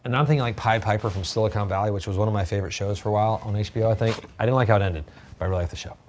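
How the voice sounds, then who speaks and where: A fast, rambling man co-hosting a casual livestream. His voice sits a little low, and he keeps tumbling over repeated words when he gets excited. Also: a little hiss or hum. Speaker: livestream co-host. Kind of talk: casual chat.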